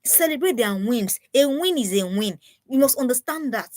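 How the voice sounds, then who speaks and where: A woman's voice: high-pitched, expressive, moderate pace, darkish tone, dry recording. A woman giving an earnest, preachy live talk to parents, often repeating herself. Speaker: parenting speaker.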